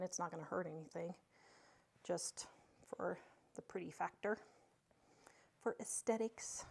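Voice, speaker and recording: A middle-aged woman hosting a casual home cooking demonstration, chatty and homey, gushing over the food in her kitchen. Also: mid-range voice. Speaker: cooking show host.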